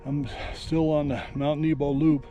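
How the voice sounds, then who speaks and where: A man's voice: fairly high pitch, a little slow, muffled recording, faint music behind. A middle-aged man, a nature photographer, talking casually to camera at a mountain overlook, rambling with plenty of fillers. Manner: relaxed, rambling, many fillers. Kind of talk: casual outdoor vlog narration.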